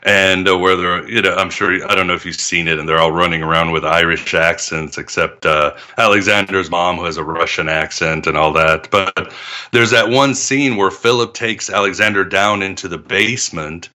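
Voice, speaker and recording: A man's voice: low voice, normal speed, bright, forceful tone. A man as a podcast guest, talking in an expansive storytelling way and laughing often. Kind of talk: conversational interview.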